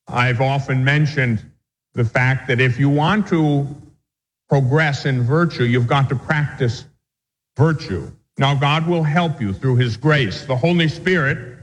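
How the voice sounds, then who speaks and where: A male Catholic priest teaching a catechism class, reading definitions aloud and then explaining them with homely examples. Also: medium pitch. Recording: long hall reverb.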